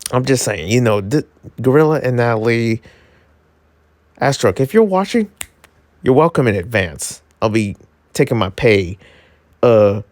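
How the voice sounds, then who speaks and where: A man giving a casual episode review, excitable and rambling, full of filler words and jokes. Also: no echo. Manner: jokey, yelps into high pitch.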